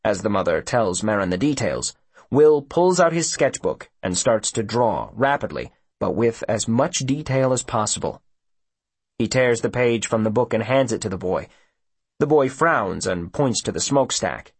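A male audiobook narrator with a husky voice and a lively, rising and falling delivery. He tells the story expressively, recorded close and dry with no room sound. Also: on the low side, normal speed, no room sound. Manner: expressive storyteller voicing each character.

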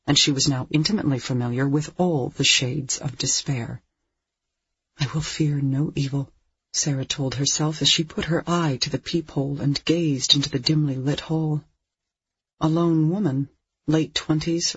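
Very breathy audiobook narrator, dull lo-fi sound. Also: medium pitch, a bit bright, dry recording. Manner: measured, tense storytelling. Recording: dull lo-fi recording.

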